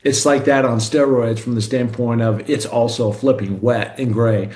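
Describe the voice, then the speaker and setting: A man from Seattle, a former football player, chatting on the radio. He rambles through his stories with restarts and asides, in a voice of ordinary middle pitch. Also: steady tone, normal speed, a little mellow. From Seattle, Washington. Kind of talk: casual radio chat.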